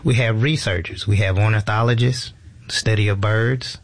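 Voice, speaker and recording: A man's voice: on the low side, steady tone, moderate pace. A man, a museum educator explaining animals in an informal, easygoing way. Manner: informal, explanatory, frequent fillers and restarts. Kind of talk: casual radio interview.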